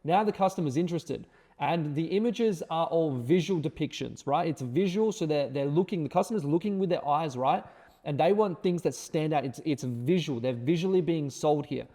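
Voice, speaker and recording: A man's voice: a little high, moderate pace, warm tone, long reverb tail. A man teaching an online course, talking emphatically with lots of repeated words and tag questions like right and okay. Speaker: course instructor. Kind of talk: screen-share tutorial.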